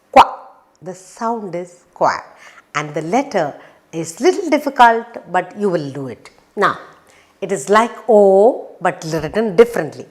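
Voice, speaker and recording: A woman teaching children phonics in a slow, sing-song teacher voice. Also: mid-range voice. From India.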